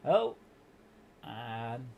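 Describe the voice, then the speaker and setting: Lively man griping over gameplay. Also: medium pitch, very slow, creaky, narrow, tinny audio, a little hiss or hum. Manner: exasperated running commentary, stumbling restarts. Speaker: streamer hosting a game night. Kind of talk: casual gameplay chat.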